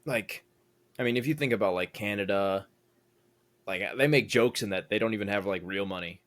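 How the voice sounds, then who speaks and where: A man's voice: low-pitched, steady tone, a little fast, fairly bright tone. A young American man co-hosting a casual podcast chat, rambling and thinking aloud with lots of fillers. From United States. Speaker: podcast co-host.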